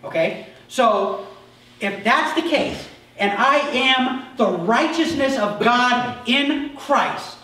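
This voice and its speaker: High-voiced, slow-preaching male pastor, emphatic, distant mic in a very echoey church. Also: expressive. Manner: emphatic, drops to soft asides then rises sharply. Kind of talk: sermon. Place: church sanctuary. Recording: echoey church hall from far off.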